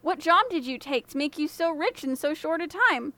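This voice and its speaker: A woman's voice: sits high, animated, normal speed, bright, forceful tone, no room sound. A woman doing an exasperated old father. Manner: exasperated, resigned.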